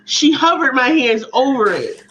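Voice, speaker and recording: Animated, profane woman telling a story. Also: high voice, measured pace, a little hiss or hum. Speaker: podcast co-host. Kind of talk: casual storytelling chat. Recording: slightly muffled audio.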